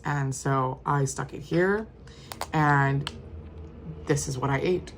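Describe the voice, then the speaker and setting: Very low, gravelly-voiced woman chatting. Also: slow pace, pauses often. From New York State. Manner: rambling, soft-spoken, with many fillers and restarts. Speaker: vlogger showing her journal. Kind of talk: casual walk-through chat.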